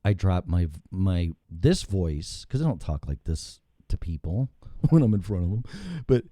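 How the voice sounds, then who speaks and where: Swearing talk-show host, deep dark voice. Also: male voice, moderate pace, no room sound, studio quality. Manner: profane, rambling, animated storytelling. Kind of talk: casual talk show chat. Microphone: studio mic with headphones.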